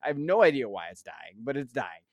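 A man's voice: mid-range voice, sing-song, fairly quick, no echo. A stressed man in his thirties co-hosts a casual podcast and unloads his worries. His talk is weary and full of filler words. The sound is dry and close. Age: 30s. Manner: weary, venting, heavy on fillers. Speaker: podcast co-host. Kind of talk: casual chat.

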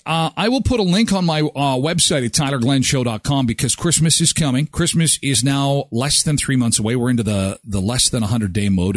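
Animated, joking male morning show host. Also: mid-range voice, dry recording, clean studio sound. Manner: chatty, jokey, animated storytelling. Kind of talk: casual radio show chat.

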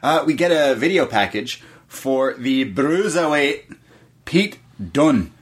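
A man's voice: on the high side, expressive. A man co-hosting a podcast, chatting casually about wrestling and agreeing readily with his partner. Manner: chatty, agreeable, quick back-and-forth. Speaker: podcast co-host.

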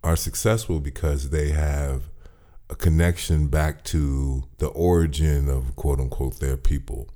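A very deep-voiced American man hosting a podcast. His tone is dark and mellow, and he talks in a relaxed, sociable way, chatting casually with his guest. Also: unhurried. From United States. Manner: laid-back, talkative, personable. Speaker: podcast host. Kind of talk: casual interview chat.

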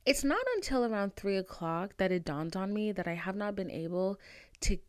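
A young woman hosting a podcast, telling a personal story in a brash, profane and dramatic way, with big swings in pitch and loudness. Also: normal speed, clear, resonant tone, no echo, studio quality. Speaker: podcast host. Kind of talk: casual storytelling monologue.

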